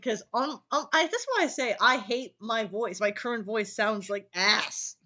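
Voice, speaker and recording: A teenage girl hosting a casual chat, rambling and giggling between quick asides. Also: on the high side, pushed and bright. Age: teens. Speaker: host. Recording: echoey call audio.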